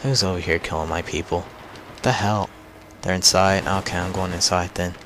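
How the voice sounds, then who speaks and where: A man's voice: low-pitched, fairly even intonation, moderate pace, fairly bright tone, a little hiss or hum. A young man narrating his own online shooter matches, frustrated and swearing as he mocks other players. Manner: frustrated, swearing, mocking opponents. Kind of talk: live gameplay commentary. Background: game gunfire.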